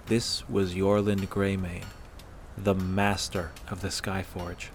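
A man narrating a fan-fiction story aloud in a steady, measured way. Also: low voice, slight background noise.

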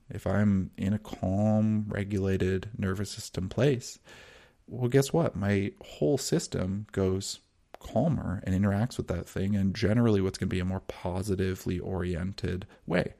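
A man teaching breathwork in a calm, measured, soothing way, with long pauses. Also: sits low, gravelly. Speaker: breathwork and wellness guide. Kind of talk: teaching monologue.

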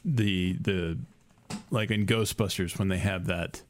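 A man in casual chat, halting and hesitant with many pauses and ums. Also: sits low, fairly even intonation, no room sound.

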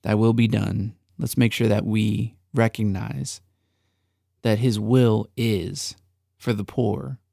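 A man's voice: lowish voice, steady tone, takes it slowly, vocal fry, warm tone, no room sound, clean studio sound. A man co-hosting a faith podcast, talking earnestly with a preacher's emphasis on his points. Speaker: podcast co-host. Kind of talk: reflective faith podcast talk.

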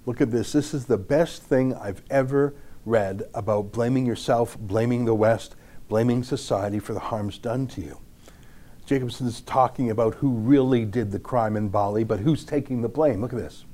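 A middle-aged man giving opinion commentary, reading an essay aloud slowly and emphatically. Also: medium pitch, warm tone. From Canada. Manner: emphatic, slow deliberate reading. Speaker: political commentator.

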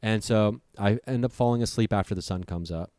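A man's voice: on the low side, fairly quick, warm tone, clear, resonant tone, no room sound, clean studio sound. A young man telling a frightening story in casual conversation, vivid and profane, acting out what people said. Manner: vivid, profane, acts out voices. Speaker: storyteller guest.

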